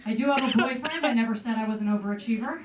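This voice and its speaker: High-voiced young woman doing stand-up. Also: heavy background noise. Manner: quick deadpan delivery, playful asides. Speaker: stand-up comedian. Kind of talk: stand-up comedy set. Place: comedy club stage with live audience. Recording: roomy club sound heard from a distance. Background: audience laughing.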